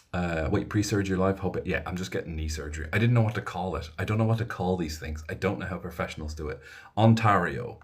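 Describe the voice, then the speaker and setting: A man's voice: sits low, fairly quick, a bit bright, slightly rough. An Irish man, an audiobook narrator, chatting casually on a live stream, rambling and reading viewers' comments aloud.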